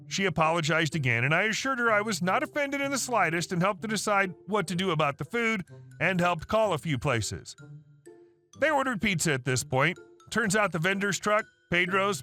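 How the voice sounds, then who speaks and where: A man's voice: sits high, bright, forceful tone. A man reading online stories aloud in a wry, sarcastic storytelling manner. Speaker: story narrator.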